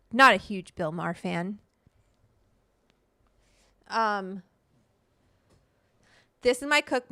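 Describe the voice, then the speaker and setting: Chatting into a studio mic at her desk at home, this middle-aged livestream host and cannabis cook reads viewer comments in a loose, rambling way, swearing casually. Her mid-range voice is creaky and fairly bright, with no echo.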